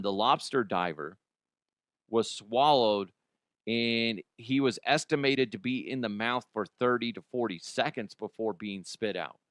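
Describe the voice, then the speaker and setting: Dude riffing on weird news, cussing a lot, rambly and amazed, dry close sound. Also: male voice, medium pitch, fairly bright tone, no room sound. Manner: profane, rambling, incredulous. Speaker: comedy news podcast host. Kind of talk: casual comedic news commentary.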